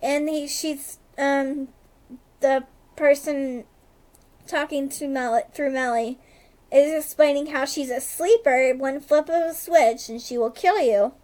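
Recapping a TV episode on a podcast she co-hosts, this woman talks in a high, brightly placed voice. The conversation is casual, and her retelling wanders loosely, leaning heavily on "like" and darting into brief asides.

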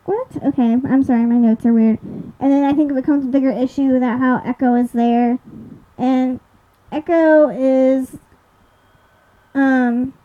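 A woman's voice: sits high, steady tone, unhurried, pauses often. A young woman casually recapping a TV episode with lots of fillers, sometimes losing track of her notes. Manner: rambling, many fillers, loses track of notes. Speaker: podcast host recapping a TV episode. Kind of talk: casual chat. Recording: dull lo-fi recording.

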